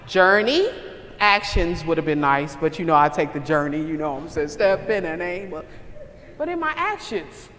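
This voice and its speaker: Woman conference speaker: punchy, repetitive preacher-style delivery with a bright, forceful tone, heard in a reverberant hall. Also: sits low, expressive, normal speed. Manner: emphatic, repetitive preacher-like cadence; calls out to the audience. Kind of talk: motivational speech.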